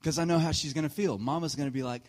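A man in his thirties preaching a sermon, telling a personal story with frequent laughs and sudden shifts from quiet asides to loud punchlines. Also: fairly high pitch, rapid-fire. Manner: animated storyteller, often laughing mid-sentence; swings between hushed asides and loud punchlines. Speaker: pastor.

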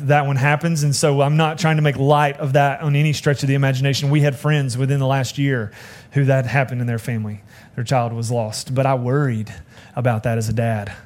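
A man, a pastor preaching a sermon in a conversational, self-deprecating storytelling way with asides to the congregation. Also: a little high. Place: church sanctuary.

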